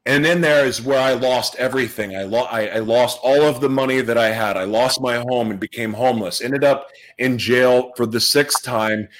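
A man giving a personal testimony speech to an audience, earnest and emotional, repeating phrases for emphasis and dropping to a hush at tender moments. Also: medium pitch, moderate pace, few pauses, poor audio. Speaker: motivational speaker sharing his life story.

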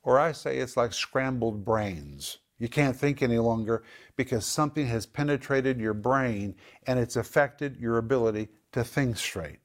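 Speaking in a mid-range voice, a Bible teacher instructs on scripture during a program. He is emphatic, repeating words for stress and slowing his pace at the key points.

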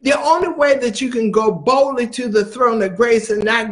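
A man's voice: extremely high pitch, normal speed. A man preaching a sermon, emphatic and repeating phrases for stress.

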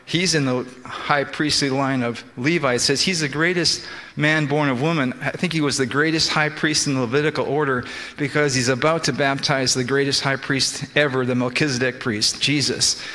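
A man's voice: medium pitch, steady tone, moderate pace, sharp tone. A man preaching a sermon, explaining scripture in restarting bursts and quoting the figures he talks about. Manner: explains scripture with many restarts and quoted speech. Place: church sanctuary. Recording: long church reverb.

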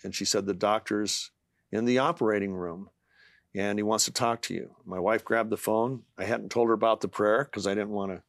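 A middle-aged man, a guest author, earnestly tells a personal faith story in an interview, often halting with fillers and restarts. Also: fairly low pitch, steady tone, no room sound, clean studio sound. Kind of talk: testimony in a talk-show interview.

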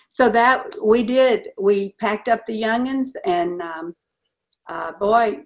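A middle-aged woman telling a personal story in an interview, earnest and animated. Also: on the high side, takes it slowly. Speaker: guest.

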